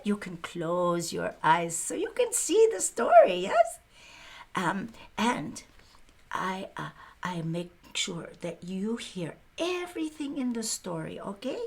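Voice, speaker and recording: A woman storyteller playing a plainspoken Chinese American pioneer woman with a Chinese accent, breathy and quick to laugh, chatting straight to her audience. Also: medium pitch, exaggerated voice. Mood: gentle. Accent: Chinese-accented English. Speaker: storyteller in character. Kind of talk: first-person historical character monologue.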